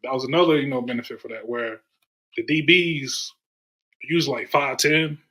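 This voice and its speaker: Podcast guest, male, from North Carolina; bright voice, animated storyteller. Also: mid-range voice, normal speed, slightly rough, rough recording. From Durham, North Carolina. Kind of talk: casual storytelling chat.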